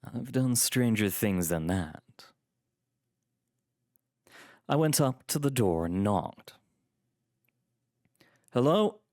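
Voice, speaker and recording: A man reading a first-person story aloud in a calm, measured storytelling manner. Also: fairly low pitch, dry recording, clean studio sound. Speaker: story reader.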